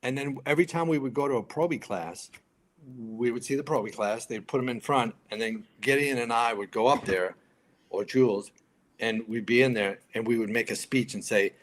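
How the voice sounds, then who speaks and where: A man in his fifties from New York, a retired firefighter and podcast guest, telling stories in a lively way and acting out other people's lines. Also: mid-range voice, moderate pace, slight background noise. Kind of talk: casual storytelling interview.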